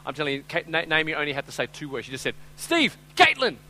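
A man preaching a sermon as pastor, telling a story conversationally with "right?" and "I'm telling you", acting out voices and swinging from loud to hushed. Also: on the high side, steady tone, racing, low-quality recording.

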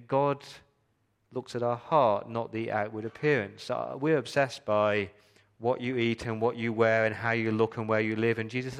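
A man at medium pitch gives a sermon as pastor, addressing his congregation through rhetorical questions. His delivery moves back and forth between forceful, loud emphasis and soft, hushed moments.

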